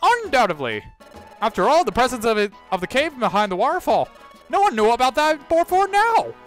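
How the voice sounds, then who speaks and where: A player putting on a shrill, fussy bird boss. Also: sing-song, normal speed, a bit bright, faint music behind. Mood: excited. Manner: shrill, emphatic exclamations. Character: fussy excitable bird, a strict manager. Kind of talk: fan dub of a game playthrough.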